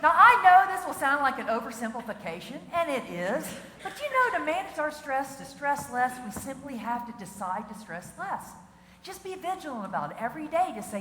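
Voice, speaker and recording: Brief: high, lively woman keynote humorist, bright tone, big echoey hall. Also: fairly quick. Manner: animated, playful, bursts into song. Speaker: motivational keynote speaker. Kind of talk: comedic keynote with singing. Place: large auditorium with audience. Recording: echoey hall, faint noise.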